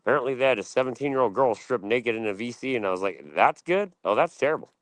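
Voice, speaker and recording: A man's voice: medium pitch, racing, dry recording, low-quality recording. A man streaming, ranting casually in a blunt, profane and boastful way.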